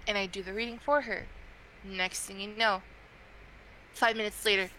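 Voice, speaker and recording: Bright-voiced young woman chatting. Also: medium pitch, moderate pace, pauses often, a little hiss or hum, poor audio. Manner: chatty, frequent fillers, animated quoting. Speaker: guest, tarot reader. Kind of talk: casual interview chat.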